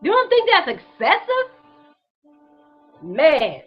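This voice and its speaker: A woman's voice: high voice, expressive, normal speed, muffled recording, faint music behind. A woman hosting her own show, giving a fiery, profane commentary full of rhetorical questions. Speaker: host. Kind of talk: impassioned commentary vlog.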